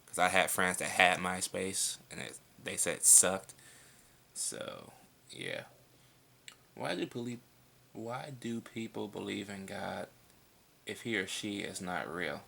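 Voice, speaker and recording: A young man with a deep, gravelly voice answers viewer questions in a relaxed home vlog. His tone is bright and edgy, and his manner is blunt and casual, with frequent swearing. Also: takes it slowly, long pauses, slight background noise. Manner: laid-back, blunt, swears freely. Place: indoors at home at night.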